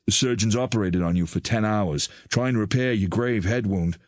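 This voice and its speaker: A man voicing a kindly, soft-spoken older male doctor, his voice low and gentle. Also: moderate pace, no echo, studio quality, lightly acted. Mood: grave, measured.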